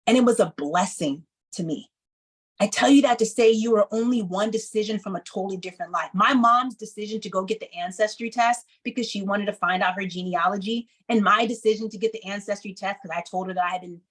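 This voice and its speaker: A woman in her thirties telling a personal story to an audience, acting out the people she quotes with lively emphasis. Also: mid-range voice, fairly quick, husky, poor audio. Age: 30s. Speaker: speaker.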